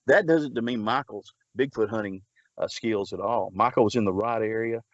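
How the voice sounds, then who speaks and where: A man's voice: lowish voice, moderate pace, dry recording, muffled recording. A man, a Bigfoot researcher, telling a long story in a rambling way, full of restarts and filler words. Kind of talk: casual storytelling.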